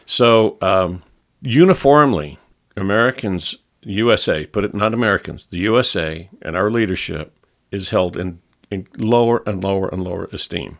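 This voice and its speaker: A man with a very low voice tells stories in a relaxed chat on a studio podcast. His voice has a rough, gravelly fry to it. He rambles, starts over and corrects himself mid-sentence. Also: moderate pace. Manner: rambling storyteller, restarts and self-corrections. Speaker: podcast co-host back from travel. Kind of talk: casual chat.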